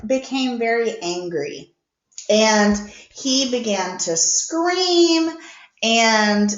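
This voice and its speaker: A woman's voice: fairly high pitch, reverberant, muffled recording. A woman teacher giving a recorded reading lesson to young children, explaining patiently step by step.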